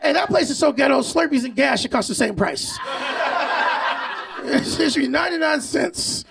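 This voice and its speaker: A brash male stand-up comic working a live stage, loud and profane, often laughing at his own material. His voice sits very high with a gravelly edge. He sounds set back from the mic. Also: animated, normal speed, far from the mic, very noisy. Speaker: stand-up comedian. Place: comedy stage before a live audience.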